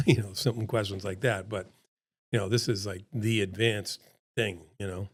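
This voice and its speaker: A man's voice: fairly low pitch, fairly even intonation, fairly quick. A middle-aged man presenting a seminar in a casual, pep-talk way, repeating his points for emphasis, his throat a bit froggy.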